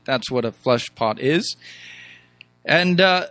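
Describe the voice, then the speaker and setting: A man's voice: high-pitched, sing-song, moderate pace, bright, forceful tone, dry recording. A man preaching a sermon, reading scripture aloud and mimicking complaining voices, with emphatic rhetorical questions.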